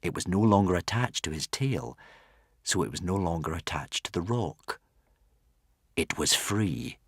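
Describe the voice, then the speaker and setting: A man narrating a children's adventure audiobook in an animated, dramatic way with playful asides. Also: deep voice, moderate pace, slight background noise. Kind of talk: expressive storybook narration.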